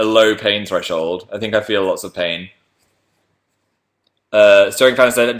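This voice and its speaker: A man with a bright, clear voice chats casually on a livestream. He reads out viewer messages and wanders off on tangents in a rambling, self-deprecating way, pitched at a middle, ordinary level. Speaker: livestream host.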